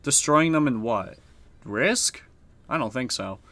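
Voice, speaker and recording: A man's voice: medium pitch, expressive, slow pace, a bit bright, no room sound. A man streaming a strategy board game, chatting casually and swearing now and then. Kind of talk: casual live-stream commentary.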